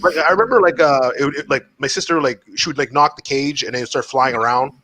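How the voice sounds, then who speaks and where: A man's voice: medium pitch, fast talker, bright, forceful tone. A man on a casual comedy podcast, telling a story in loose slangy talk. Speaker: podcast co-host.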